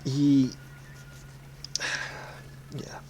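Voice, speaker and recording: A man's voice: very slow, dark tone, dull audio. Man explaining a game over faint music. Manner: explanatory, self-correcting. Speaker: let's play host. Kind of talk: casual game commentary.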